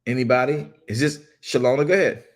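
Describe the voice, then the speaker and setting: A man preaching a sermon, chatting and joking with his congregation in colloquial speech, then reading scripture slowly and emphatically. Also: mid-range voice. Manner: playful, teasing banter with the congregation; reads scripture slowly and emphatically, repeating lines.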